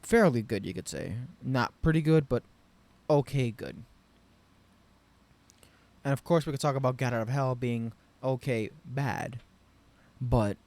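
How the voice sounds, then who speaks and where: Male vlogger, mid-pitched, ranting off the cuff about a game, profane and exasperated. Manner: profane, rambling, frustrated ranting with loud bursts. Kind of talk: unscripted game review rant.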